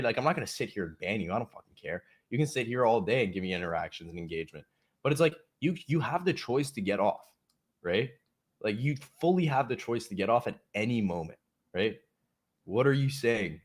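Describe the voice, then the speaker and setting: A man with a fairly low voice, talking casually and off the cuff on a livestream. He is blunt and profane, riffing and ranting at his audience. His delivery is loose and conversational. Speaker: livestream host.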